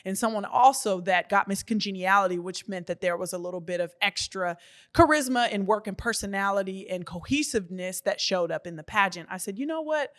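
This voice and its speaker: A woman's voice: mid-range voice, a little fast, a bit bright, no room sound, studio quality. A woman in her thirties from Texas, a guest author talking casually and earnestly, with flowing sentences and a faith-filled way of speaking. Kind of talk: casual interview talk.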